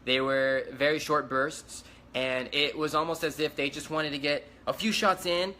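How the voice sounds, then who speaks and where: A man's voice: a little high, fairly even intonation, normal speed, pushed and bright, slight background noise. A man giving eyewitness testimony, recounting events urgently and speeding up as he relives the chaos.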